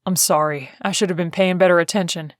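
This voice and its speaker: A young Southern bodyguard, voiced by a woman reading an audiobook, easygoing and protective. He talks in a slightly lowered, unhurried drawl, caring rather than gruff. The take is dry and close. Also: fairly even intonation, no echo, natural voice. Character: gentle protective Southern country-boy bodyguard, young man. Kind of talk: audiobook character voice.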